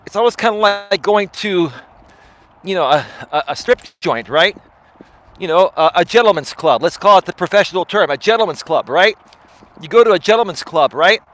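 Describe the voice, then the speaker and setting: A man's voice: high voice, expressive, normal speed, a bit bright. A man in his forties, a life coach hosting a live stream, talking in a chatty monologue and tagging his lines with "right?".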